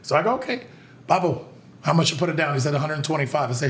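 A man telling a story in casual chat, animated and profane, acting out voices as he goes. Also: on the high side, fast talker, reverberant, a little hiss or hum. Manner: animated storyteller, acts out voices, swears freely. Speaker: podcast guest telling stories.

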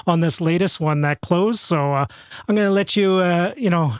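A man hosting a casual interview, upbeat and laughing, with halting restarts. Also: sits high, smooth, dry recording. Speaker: podcast host. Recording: dry close mic.

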